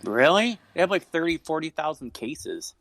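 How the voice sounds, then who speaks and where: A man's voice: a little high, very animated, moderate pace, creaky, fairly bright tone, no echo. A man co-hosting a podcast in a laid-back, joking chat. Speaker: podcast co-host. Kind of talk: casual chat.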